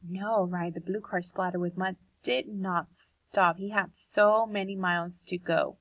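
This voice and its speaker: A woman's voice: lowish voice, fairly even intonation, unhurried, a bit bright, no room sound, highs cut off. A woman teacher reading a poem aloud to children and explaining it, asking the class questions as she goes.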